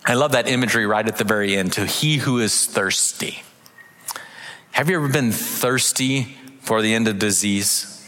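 A man preaching a sermon as pastor, animated, acting out little voices and reading scripture aloud. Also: on the low side, moderate pace, long reverb tail.

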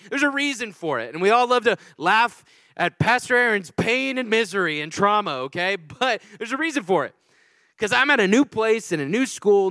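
A young adult man preaching a sermon, telling a funny personal story in a chatty, animated way and checking in with the congregation. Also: sits high, no room sound. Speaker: pastor.

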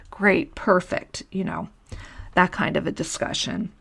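A woman's voice: on the low side, normal speed, gravelly, fairly bright tone, breathy edge. A woman teacher hosting her own podcast, giving frank, matter-of-fact classroom advice in a conversational way. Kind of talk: solo podcast advice talk.

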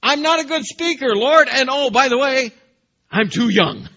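A man voicing an anxious young prophet who protests and pleads that he is unsure of himself, in a high, loud voice. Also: expressive, normal speed, slightly rough, muffled recording. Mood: pleading.

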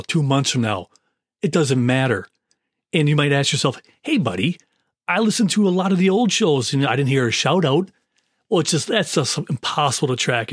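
A man's voice: mid-range voice, no room sound, clean studio sound. A man, hosting his own podcast in a chatty, effusive, rambling way, recorded in a home basement. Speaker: podcast host. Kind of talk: casual solo podcast monologue.

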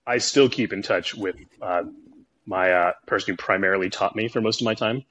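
A man's voice: lowish voice, fairly quick, a bit bright, low-quality recording. A man who is a helicopter pilot, guest on a podcast, speaking in an easygoing, agreeable way over a remote call. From Oregon, USA. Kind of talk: casual interview conversation.

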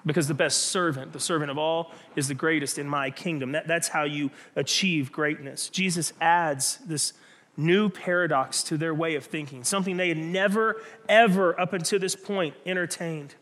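A pastor preaching a sermon in an animated, conversational storytelling manner, often restarting his phrases. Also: on the high side, moderate pace.

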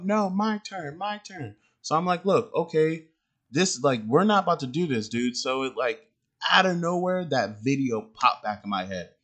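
A young adult father who podcasts tells a story about his own parenting in a loose, casual monologue. His voice is fairly low and fairly bright, and he rambles in slang, full of fillers and restarts.

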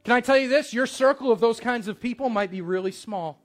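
A man preaches to his congregation, telling a story in a plain, earnest way. His voice sits high for a man. Soft instrumental music plays faintly underneath. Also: fairly quick. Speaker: pastor. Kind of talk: sermon.

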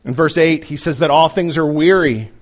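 A man's voice: on the high side, normal speed. Earnest male pastor preaching a sermon. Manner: earnest teaching with many ums and restarts.

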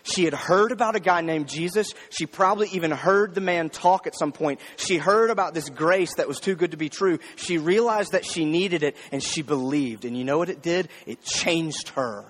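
A man's voice: a little high, moderate pace, hardly any pauses, fairly bright tone, in a large hall. A man preaching a sermon, talking to the congregation in a conversational way. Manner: conversational preaching, addressing the crowd with "y'all". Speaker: pastor.

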